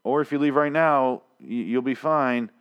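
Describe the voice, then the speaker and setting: A man's voice: mid-range voice, normal speed, clear, resonant tone, lo-fi sound, voice pushed up, close to an everyday voice. A man voicing a cowardly middle-aged male community leader who stammers through a forced announcement. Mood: nervous.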